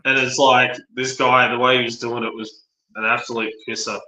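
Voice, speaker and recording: A man's voice: medium pitch, little pitch movement, normal speed, bright, forceful tone. A man from Australia with an Australian accent, chatting casually on a livestream with lots of ums. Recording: echoey room.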